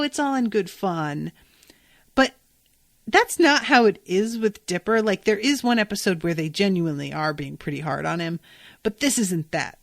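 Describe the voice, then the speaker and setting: A woman's voice: medium pitch, dry recording. Woman, podcast host, casual recap, chatty, swears, lots of fillers, dry close mic.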